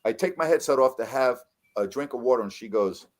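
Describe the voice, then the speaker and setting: A middle-aged man with a mid-range voice spins broadcasting stories in a relaxed chat. He is animated, pushing his voice up sharply when he hits a punchline or a key moment. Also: mid-range voice, fairly quick. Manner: animated storyteller, voice jumps up for emphasis. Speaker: veteran sports broadcaster, guest. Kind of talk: casual storytelling chat.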